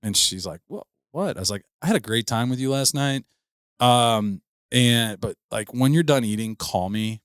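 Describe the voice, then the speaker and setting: A man's voice: mid-range voice, animated, normal speed, fairly bright tone, clean tone, dry recording, studio quality. A man in his thirties co-hosting a podcast, telling a long embarrassing story in a rambling, laughing way with lots of restarts. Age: 30s. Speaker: podcast co-host. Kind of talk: casual storytelling chat.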